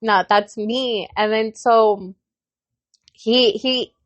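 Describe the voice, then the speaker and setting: A woman's voice: on the high side, drawn-out words, no room sound. A woman in her thirties co-hosting a podcast, telling a heated story in casual chat, swearing a lot and acting out the quotes. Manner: animated storytelling, heavy swearing, acts out quotes. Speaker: podcast co-host.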